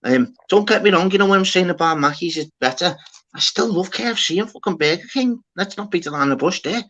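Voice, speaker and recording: A man hosting a livestream, telling an animated story in casual chat, swearing often and calling people lad and mate. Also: high voice, brisk. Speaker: livestream host. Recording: dull lo-fi sound.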